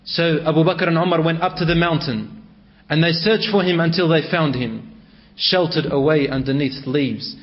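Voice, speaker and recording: A man's voice: on the high side, moderate pace. A man telling a religious story in a dramatic, emotive way, on a dull recording.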